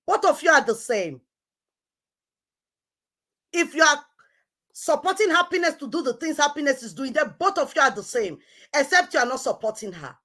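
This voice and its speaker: A woman's voice: sits high, bright, forceful tone. A woman hosting an online show, scolding someone in a heated, repetitive rant. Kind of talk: heated live-stream rant.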